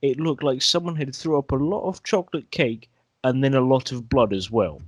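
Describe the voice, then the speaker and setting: A young man co-hosting a podcast, telling a story in a profane, excitable way. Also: medium pitch, moderate pace, dry recording. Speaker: podcast co-host. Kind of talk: casual storytelling chat.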